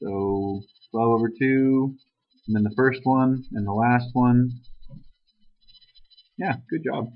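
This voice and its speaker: A man's voice: medium pitch, slow pace, pauses often. A male math teacher leading a classroom lesson, talking casually and teasing his students. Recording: dull lo-fi classroom recording.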